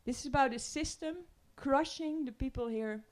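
Woman, Dutch accent, fairly high voice, panel speaker, earnest and emotional. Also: normal speed. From Netherlands. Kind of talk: emotional public talk. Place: room with audience.

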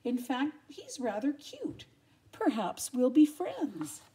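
An older woman voicing a prim, gentle young lady dog in a raised, dainty voice for a storybook. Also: wildly swooping pitch, slow pace, slight background noise, exaggerated voice. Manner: high, dainty and proper.

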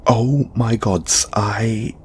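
A man voicing a moody male lamia flatmate, a snake-man, in an audio roleplay, talking in a stammering, halting way. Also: on the low side, a little hiss or hum. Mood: flustered, apologetic. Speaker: voice actor.

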